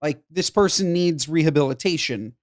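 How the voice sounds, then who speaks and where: A woman's voice: deep voice, normal speed, darkish tone. A woman co-hosting a podcast, giving blunt, emphatic advice with rhetorical questions in casual chat. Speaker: podcast co-host.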